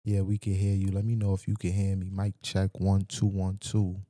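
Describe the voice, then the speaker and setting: A man hosts a livestream and talks straight to his chat in a loose, slangy, profane way. His voice sits low and sounds very dark and mellow. The sound is dry and close. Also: monotone, moderate pace, dry recording. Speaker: livestream host. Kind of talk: casual livestream chat with viewers. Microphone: desk microphone with mic checks.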